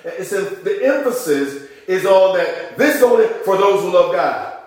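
A middle-aged man preaching a sermon as pastor, emphatic and calling out amens, rising at times to shouts. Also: sits high, expressive, moderate pace. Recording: echoey room.

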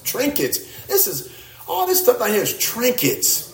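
A man preaching a sermon, swinging between loud exclamations and low, quiet asides, often repeating and restarting his words. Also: wildly swooping pitch, measured pace, echoey room.

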